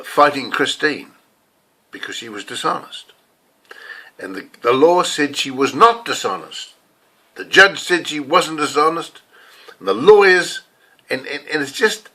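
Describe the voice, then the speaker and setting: In a high-leaning, bright and forceful voice, an older lay preacher from New Zealand delivers a rambling, confessional sermon in his New Zealand accent. He tells it casually, through one personal story after another.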